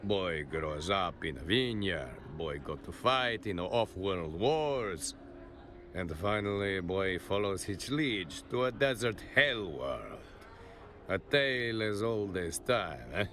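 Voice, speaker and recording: An actor playing a male veteran soldier turned bouncer and wine steward in a video game, speaking with an Italian accent in a measured storytelling manner. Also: low-pitched, animated, pushed and bright, a little hiss or hum, exaggerated voice. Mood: wry. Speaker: non-player character in a video game.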